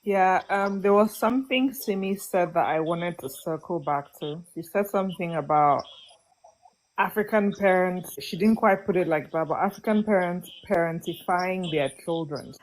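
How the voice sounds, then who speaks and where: Lower-voiced woman on a panel, calm and thoughtful, making her point. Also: normal speed. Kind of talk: panel discussion.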